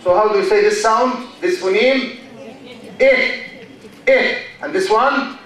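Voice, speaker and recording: A man's voice: high voice, moderate pace, a bit bright. A man with an Egyptian accent, a university lecturer giving a classroom lecture, who repeats key terms and keeps checking with "okay?". His native language is Arabic. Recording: echoey hall, voice far from the mic.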